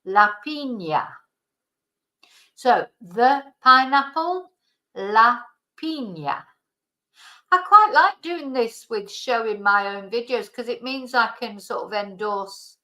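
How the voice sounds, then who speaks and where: A woman teaching fruit vocabulary in a bilingual lesson, slowly and carefully repeating each word for pronunciation. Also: a little high, animated, bright, forceful tone, poor audio. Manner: slow, careful pronunciation drills. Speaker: language teacher.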